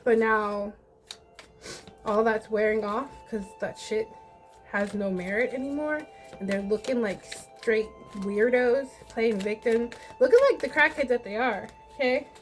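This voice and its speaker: A woman's voice: fairly high pitch, measured pace, soft background music. A woman giving a casual tarot reading in a blunt, sassy, profane way. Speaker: tarot reader.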